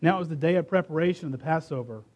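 A man with a high voice delivers a sermon, reading scripture aloud with dramatic emphasis. He leans hard on key words and slows down to stress them. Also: highs cut off. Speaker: preacher.

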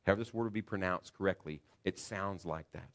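Man, pastor, deep low voice, earnest sermon, emphatic, church. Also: fast. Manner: earnest preaching, rising to loud emphatic passages.

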